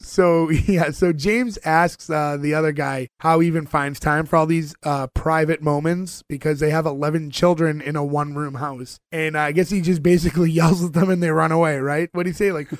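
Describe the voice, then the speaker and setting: A man's voice: a little high, steady tone, moderate pace, few pauses, no echo. A man hosting a podcast, casually recapping a TV episode with many fillers and chuckles. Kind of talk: casual chat.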